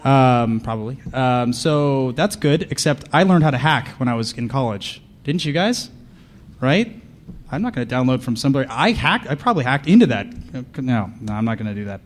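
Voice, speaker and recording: A man giving a comedic conference talk, deadpan and sarcastic, bantering with the audience from the stage. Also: mid-range voice, normal speed. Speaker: conference speaker.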